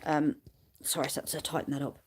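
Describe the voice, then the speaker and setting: A woman's voice: low voice, flat delivery, quick pace, slight background noise. A woman chatting casually to viewers of her livestream from a farm, rambling with restarts, filmed on a phone on a tripod. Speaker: smallholder livestreaming her animals. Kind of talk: casual live chat with viewers.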